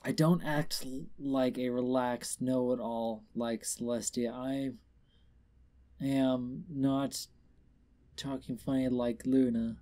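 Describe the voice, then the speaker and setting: A man's voice: mid-range voice, steady tone, slow pace, warm tone, natural voice. A man doing a tipsy weepy cartoon pony mare. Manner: slurred, self-pitying, stammering.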